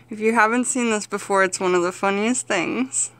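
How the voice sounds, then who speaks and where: A woman's voice: on the high side, normal speed, hardly any pauses. A young woman chatting casually to her camera while coaxing her pet chinchilla with sing-song encouragement. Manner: coaxing, sing-song baby talk to a pet, with soft giggles. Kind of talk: casual pet vlog chat. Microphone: phone camera held in hand.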